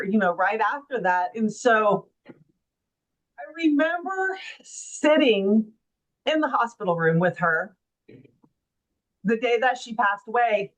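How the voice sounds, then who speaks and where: A woman's voice: medium pitch, low-quality recording. A middle-aged woman, a guest author, telling her story in a heartfelt, reflective way, with many "you know" and "right?" asides. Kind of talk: casual interview storytelling.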